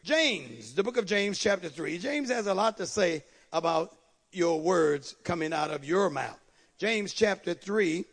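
A man's voice: high voice, lively intonation, measured pace, fairly bright tone. A man preaching a sermon as pastor, calling out to the congregation and repeating key phrases.

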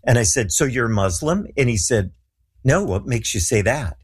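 Husky man telling a lively story. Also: mid-range voice, normal speed. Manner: animated storyteller acting out quoted voices. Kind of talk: casual storytelling interview.

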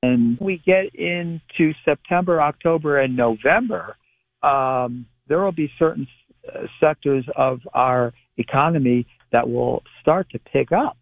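A man's voice: on the high side, dry recording. Man talking over a tinny phone line. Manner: measured, explanatory, restarts phrases. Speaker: palmistry guest. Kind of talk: call-in radio interview. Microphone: telephone.

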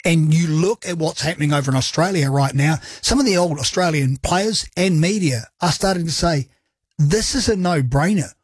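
A man's voice: fairly high pitch, normal speed, breathy edge, no room sound, studio quality. A man with a New Zealand accent hosting a talkback sports radio show, chatty and jokey in an upbeat way. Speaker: radio sports talk host. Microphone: studio microphone.

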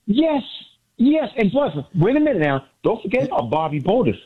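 A man's voice: high voice, quick pace, breathy edge. An overjoyed man calls in to a sports radio show. He brags and repeats his points, his voice swinging up and down. The audio comes through dull, like a phone line. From Miami area. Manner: excited, boastful, repeats himself. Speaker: caller. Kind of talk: excited sports radio call-in.

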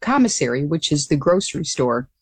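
An older woman being interviewed as a guest, telling her story in an earnest, animated way with frequent restarts. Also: low voice, brisk, husky, no room sound. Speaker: guest, former pilot.

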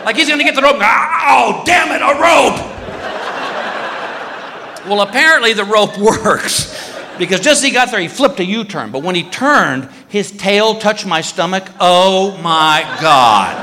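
Animated, high-voiced male stand-up comic. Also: normal speed, some chatter behind, slight background noise. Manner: animated, acting out shrieks and voices. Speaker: stand-up comedian. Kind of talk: stand-up storytelling. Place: large hall on stage. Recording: echoey hall reverb.

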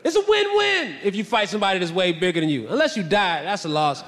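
A young adult man doing stand-up, telling self-mocking stories loudly and acting out voices. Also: high-pitched, fast. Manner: loud, animated, self-mocking, acts out voices. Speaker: stand-up comedian. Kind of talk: stand-up storytelling. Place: stage in a large hall. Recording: live hall with long reverb.

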